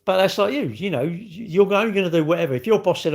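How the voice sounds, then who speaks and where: A middle-aged British man talks in casual chat on his livestream, answering chat questions in a rambling, blunt, slangy way. His voice sits a little high for a man and swings up and down with lively intonation. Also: fast, gravelly, few pauses.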